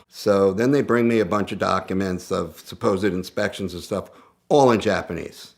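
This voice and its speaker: A man telling a story in a casual, animated way, often repeating himself as he goes. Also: low-pitched, moderate pace, creaky. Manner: animated, conversational, self-interrupting. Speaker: guest storyteller.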